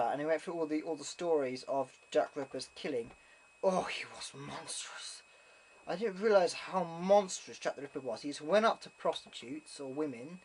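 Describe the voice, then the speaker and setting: A young man telling a rambling, casual vlog story full of ums and restarts. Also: a little high. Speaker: vlogger. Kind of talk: casual chat.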